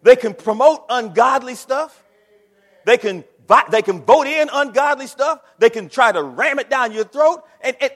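High-voiced preacher in a reverberant hall. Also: male voice, normal speed. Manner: animated preaching, swings from shouting to low murmurs. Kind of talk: sermon. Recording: long reverb of a large hall.

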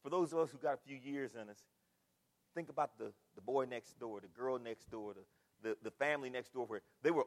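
An older man preaching a sermon in a church, animated, full of rhetorical questions and repetition. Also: mid-range voice, a little fast, big-room sound. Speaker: pastor. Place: church sanctuary.

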